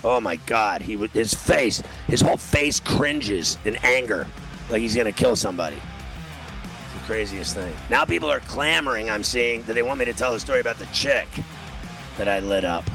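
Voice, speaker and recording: A man's voice: lowish voice, animated, moderate pace, music in the background. A man hosting a sports radio show, telling a rambling story in casual banter and laughing often. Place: radio studio.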